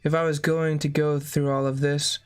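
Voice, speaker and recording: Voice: medium pitch, level tone, normal speed, smooth. A reader reading a memoir aloud in a plain way, breaking off now and then for short spoken asides.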